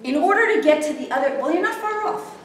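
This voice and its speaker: Very high-pitched and expressive, this woman talks quickly while running a spiritual workshop for a live audience. She checks in often to see that people follow. The recording sounds distant and strongly echoey, with faint noise underneath.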